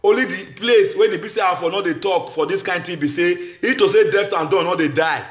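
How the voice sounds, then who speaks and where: Man, Nigerian Pidgin accent, high-pitched, emphatic and repetitive, echoey room. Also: a little fast, a bit bright. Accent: Nigerian Pidgin English. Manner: emphatic, repetitive, shifts between Pidgin and English. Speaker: comedian. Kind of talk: impassioned speech to a gathering.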